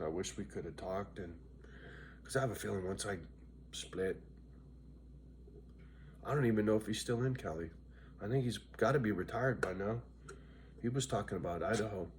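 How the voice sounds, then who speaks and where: A man's voice: deep voice, darkish tone, a little hiss or hum. A tired, loopy middle-aged man vlogging to his viewers in a casual, rambling way, swearing freely and often asking "right?". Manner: profane, chatty, keeps asking "right?". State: worn out and loopy.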